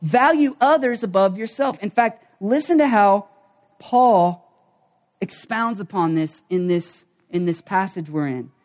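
A middle-aged man preaching a sermon in a conversational, animated storytelling manner. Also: high-pitched, unhurried. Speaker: pastor.

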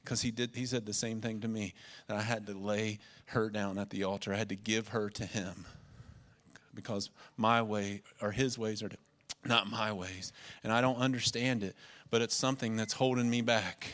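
A man's voice: fairly low pitch, fairly even intonation, normal speed, fairly bright tone. Male pastor, earnest emotional sermon delivery, repeats key phrases.

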